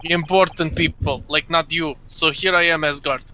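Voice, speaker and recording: A man doing a surly Russian crewman with a put-on accent, curt broken English and a slightly high, bright, sharp-edged voice, read out for a game stream over a faint hiss. Each line comes out scornful and clipped. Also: steady tone, moderate pace, low-quality recording. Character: gruff hostile male Russian ship crewman. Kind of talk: reading game dialogue aloud on a live stream.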